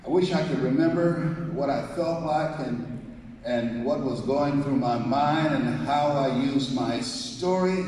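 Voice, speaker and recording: In a large hall before an audience, a motivational speaker tells a story live, acting out the dialogue and having listeners repeat after him. His mid-range voice is slow and a little mellow, picked up by a distant mic in an echoey space with slight background noise.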